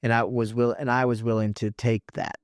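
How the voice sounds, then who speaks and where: A man hosting a podcast, telling a personal story in a halting way, often restarting his thoughts. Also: mid-range voice, little pitch movement, smooth, no echo, clean studio sound. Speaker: podcast host.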